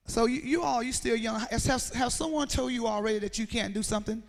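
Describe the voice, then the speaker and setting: Woman with a gravelly voice, speaking in an echoey hall. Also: a little high, fast, hardly any pauses. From Mississippi, USA. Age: 40s. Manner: storytelling, acts out dialogue, quizzes the audience. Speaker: motivational speaker. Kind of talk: motivational speech to students. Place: school assembly hall.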